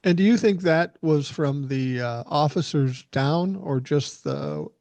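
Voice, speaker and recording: A man's voice: fairly high pitch, very animated, unhurried, darkish tone, a little hiss or hum. A man in his sixties hosting a podcast, telling stories in a blunt, profane, casual way. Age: 60s. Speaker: podcast host.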